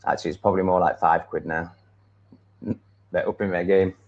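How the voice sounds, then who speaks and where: A man's voice: low-pitched, flat delivery, a little fast, vocal fry. English male streamer, loose and profane, trips over his own sentences; slightly muffled recording. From England. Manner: swears freely, restarts sentences, laughs often. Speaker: live streamer. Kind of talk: rambling live-stream chat, reacting to comments.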